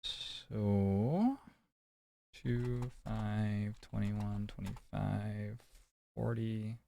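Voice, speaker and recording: A man streaming a detective game, musing slowly and thinking aloud as he works through each scene. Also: on the low side, gravelly, warm tone. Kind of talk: casual let's-play commentary.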